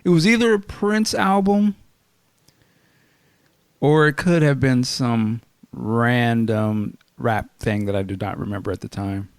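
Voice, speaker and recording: A man hosting a casual podcast chat, laughing easily and trailing off quietly. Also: mid-range voice, measured pace, clean tone, dry recording, clean studio sound.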